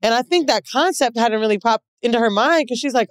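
Chatty woman on a podcast, frank, slightly high pitched. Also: a little fast, no room sound. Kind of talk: casual chat.

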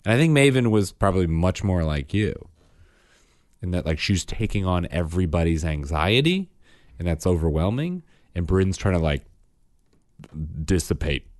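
A man in his thirties co-hosting a podcast, talking in a rambling, earnest way that keeps doubling back. His voice sits a little low but moves around a lot in pitch. The sound is dry and close, with no room echo. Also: sing-song, moderate pace, darkish tone. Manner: rambling, self-interrupting, earnest. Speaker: podcast co-host. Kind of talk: casual chat.

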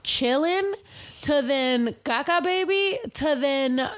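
Bubbly, high-voiced woman telling stories. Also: slow pace. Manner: animated storyteller, swears freely, acts out quotes. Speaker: podcast co-host. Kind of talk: casual chat.

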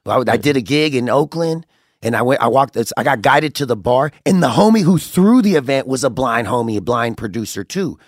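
A man on a podcast as a guest, telling stories in a rambling, animated way with lots of restarts. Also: medium pitch, a little fast, no echo, clean studio sound. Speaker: guest, singer. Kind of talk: casual podcast chat.

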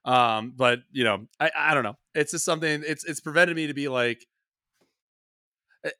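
A man hosting a podcast in casual chat, rambling and self-deprecating, quick to laugh. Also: fairly high pitch, sharp tone, no echo, clean studio sound. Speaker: podcast host.

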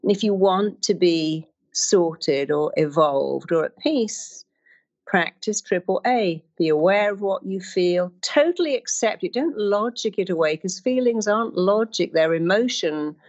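A woman's voice: expressive, unhurried, darkish tone, highs cut off. A middle-aged woman giving an emphatic motivational talk, acting out inner voices as she explains. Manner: emphatic, acts out inner voices with wide pitch swings.

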